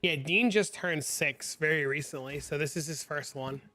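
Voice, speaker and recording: Male live streamer, slightly high and bright, chatty, answers chat and tells animated stories at his desk mic. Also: normal speed, soft background music. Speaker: game streamer.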